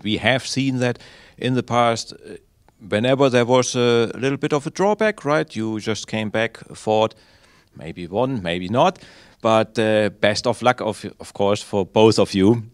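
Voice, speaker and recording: Low-voiced male tournament host. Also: a little slow, smooth, no room sound, clean studio sound. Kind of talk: pre-match interview.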